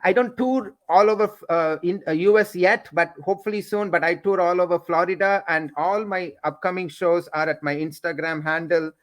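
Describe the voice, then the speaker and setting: A man with an Indian accent speaks with a slightly raised pitch. He is a comedian guest chatting on a talk show. He jokes freely and often repeats words as he goes. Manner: joking, repeats words, quick bursts. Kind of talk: casual talk show interview.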